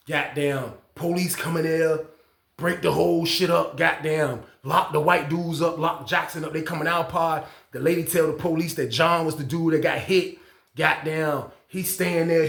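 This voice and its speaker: A man telling a prison story in casual slang, acting out the people he quotes with loud shouts. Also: on the high side, gravelly, reverberant.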